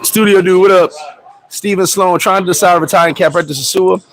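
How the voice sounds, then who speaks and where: A man hosting a casual livestream, telling stories in a profane, animated way, with loud outbursts, and answering viewer comments. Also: sits high, fairly quick, rough recording. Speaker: livestream host.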